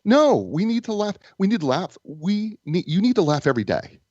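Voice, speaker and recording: A man speaking as a guest author and business coach, telling stories in a lively way with frequent restarts. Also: high voice, a little fast, dry recording, highs cut off. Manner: animated storyteller, stammering restarts. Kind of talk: casual interview chat.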